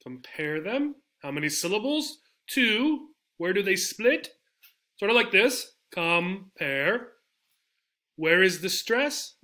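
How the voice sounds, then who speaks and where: A man teaches a pronunciation lesson in a bright, slightly high voice. He talks slowly and patiently, saying each example word over and over. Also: sing-song. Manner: slow and patient, repeats model words several times. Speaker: English teacher. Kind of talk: slide-based pronunciation lesson.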